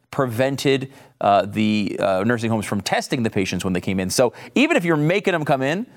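Sarcastic ranting male show host. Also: on the low side. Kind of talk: opinion show commentary.

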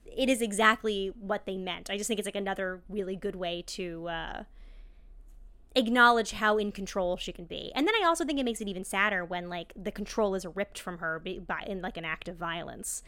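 Smooth-voiced woman co-hosting a podcast. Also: mid-range voice, brisk, sharp tone. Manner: chatty and earnest, heavy with "like" fillers. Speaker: podcast co-host. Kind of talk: casual podcast chat.

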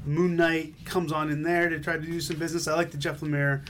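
A man's voice: a little high, level tone, a little fast, fairly bright tone, a little hiss or hum. A man co-hosting a podcast, casually reading comic credits and recapping issues with jokes. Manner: joking, reads credits then recaps. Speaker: podcast co-host. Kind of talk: casual comic book review chat.

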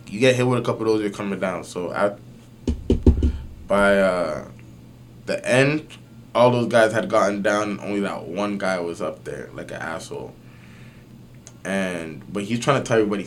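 A young man telling a story in casual podcast chat, slangy and animated, swearing often and using lots of fillers. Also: lowish voice, a little hiss or hum. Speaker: podcast guest.

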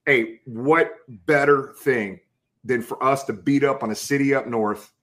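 A man's voice: medium pitch, a little slow, a bit bright. A middle-aged man hosting a casual sports interview, enthusiastic and full of hype, calling his guest brother and man. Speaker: host.

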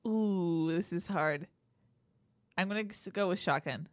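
A woman's voice: on the low side, measured pace, no room sound, studio quality. A woman co-hosting a casual podcast chat, playful and teasing, often laughing. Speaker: podcast co-host.

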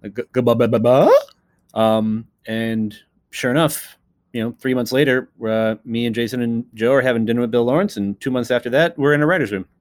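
A man's voice: medium pitch, a little fast. A man, a co-creator and writer of a TV series, talking casually in an interview, rambling with fillers and restarts and sometimes acting out other people's voices. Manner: acts out quoted voices of others.

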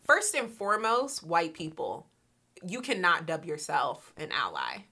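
A woman's voice: fairly low pitch, huge pitch swings, unhurried, pushed and bright, slightly rough. An American woman in a casual chat, blunt and outspoken, swearing freely. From United States.

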